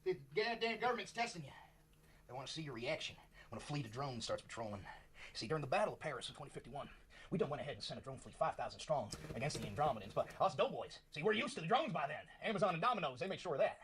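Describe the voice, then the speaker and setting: A man's voice: on the high side, big pitch swings, quick pace, crowd noise, pitched below the performer's own voice. A man voicing a crude, ranting old male veteran who claims to be a time traveler, cursing and rambling through war stories.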